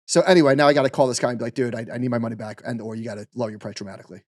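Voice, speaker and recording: A man co-hosting a podcast rattles through an animated story at a fast clip, full of fillers. His voice is recorded close and dry on the mic. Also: medium pitch, dry recording. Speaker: podcast co-host. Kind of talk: casual podcast chat.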